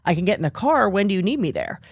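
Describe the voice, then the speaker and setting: A woman's voice: mid-range voice, very fast, breathy edge, no room sound, clean studio sound. A young adult woman, a guest actress, telling stories in a casual podcast chat and acting out the people she quotes. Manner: animated, acts out quoted dialogue.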